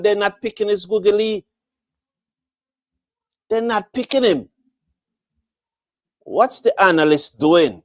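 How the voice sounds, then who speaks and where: A man's voice: high voice, dry recording, studio quality. Man calling cricket, repetitive delivery. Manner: repetitive, animated play-by-play. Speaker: cricket commentator. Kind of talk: live fan commentary.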